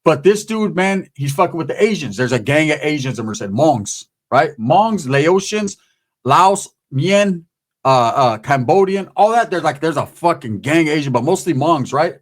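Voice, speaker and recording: A man's voice: on the high side, animated, normal speed. A man telling a prison story in a casual, streetwise, profane way, often slipping into the voices of the people in it.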